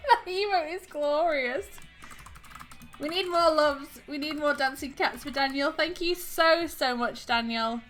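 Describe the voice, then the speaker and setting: Giggly, high, bright-voiced woman streamer. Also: unhurried, faint music behind. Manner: giggly and effusive, laughing often; overwhelmed, gushing thanks. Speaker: livestream host. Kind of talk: live stream chat with viewers.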